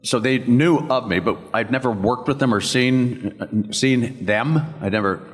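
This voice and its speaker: A man's voice: mid-range voice, unhurried. An older man, a voice actor at a convention panel, telling rambling anecdotes and acting out other people's lines. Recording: long echo of a convention hall.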